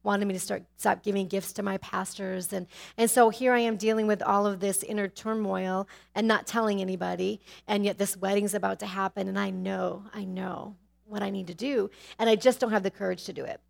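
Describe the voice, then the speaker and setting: Woman, middle-aged, personal testimony, candid and animated, gravelly fry, mid pitch. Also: fairly quick. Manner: candid, animated storytelling with sudden drops to a hushed tone. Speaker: minister sharing testimony.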